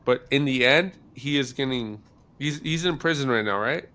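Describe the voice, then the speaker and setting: A man hosting a casual podcast chat, musing aloud in a halting, hesitant way. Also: medium pitch, sharp tone, a little hiss or hum. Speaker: podcast host.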